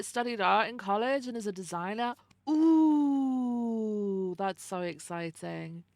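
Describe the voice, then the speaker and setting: Young adult woman, streamer, casual and sweary, fairly high voice, dry close sound. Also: no echo. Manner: chatty, swears freely, reads and greets chat. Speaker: livestreamer. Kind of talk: casual chat with viewers.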